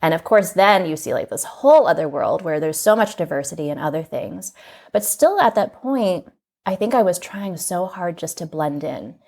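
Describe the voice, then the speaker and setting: A woman from the United States, a magazine editor and podcast guest, recounting personal memories in an earnest, reflective way, often filling pauses with "like". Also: fairly low pitch, animated, gravelly, a little mellow. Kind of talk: candid personal storytelling in an interview.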